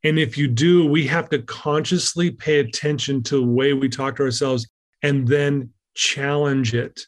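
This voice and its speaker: A man's voice: medium pitch, steady tone, measured pace. A middle-aged man telling a story as a podcast guest, acting out his own quotes with animation. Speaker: guest speaker.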